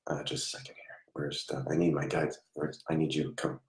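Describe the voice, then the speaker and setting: A man working as a psychic medium during a live reading, talking in a soft, halting way and murmuring reassurances. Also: rumbling low, little pitch movement, reverberant.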